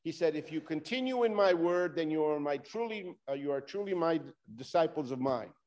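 High-voiced man preaching a sermon. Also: lively intonation, fairly quick, darkish tone. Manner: preaching with rising and falling emphasis, addresses listeners directly. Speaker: pastor.

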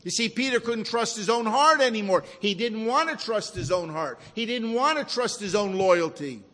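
A man preaching a sermon with slow, emphatic delivery that often sinks to a hush for effect. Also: high voice, animated, long reverb tail.

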